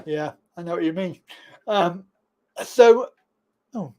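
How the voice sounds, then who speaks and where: A man from England hosts a casual live chat, agreeing easily and telling short stories in a relaxed, unhurried way. His voice sits high for a man. He drops in the odd casual swear word. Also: a little hiss or hum. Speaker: livestream host.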